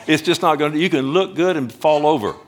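A man preaching a sermon emphatically, often slowing down to stress words and calling out to his listeners directly. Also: fairly high pitch. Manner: emphatic, swings between loud and hushed, addresses the congregation directly. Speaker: pastor.

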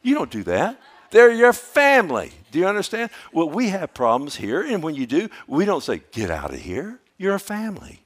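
A man preaching a sermon as pastor, dropping to hushed lines and rising to loud emphatic ones. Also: sits high, very animated, normal speed.

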